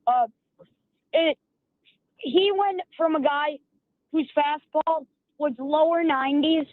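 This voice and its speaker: A man calling into a sports radio show, talking in halting, stop-start sentences over a phone line. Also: extremely high pitch, no room sound. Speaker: caller.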